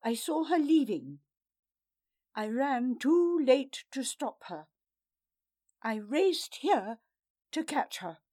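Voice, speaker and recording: An earnest young seer pleads her case with urgency, as a woman narrator puts her on, her voice raised and high. A storybook figure caught in a crisis. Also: big pitch swings, takes it slowly, long pauses, warm tone, exaggerated voice. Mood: urgent.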